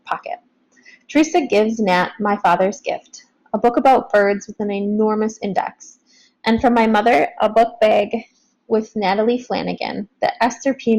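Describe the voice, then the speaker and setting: A woman reading a novel aloud in first person, in plain, steady storytelling. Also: mid-range voice, creaky, poor audio. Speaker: audiobook narrator.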